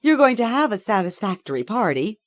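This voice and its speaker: A woman's voice: medium pitch, big pitch swings, brisk, no room sound, voice pushed up, lightly acted. A woman doing a fretful, sugary mother. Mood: fretful, sweet. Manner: fretful, then falsely sweet. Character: anxious, self-absorbed mother.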